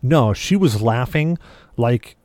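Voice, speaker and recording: A man on a gaming podcast spins a story with lots of play-acted dialogue, voice sitting at an ordinary middle pitch. The sound is dry and close, with no room echo at all. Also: lively intonation, slow pace, mellow. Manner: vivid storyteller who acts out quoted dialogue. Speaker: podcast co-host. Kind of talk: casual podcast chat.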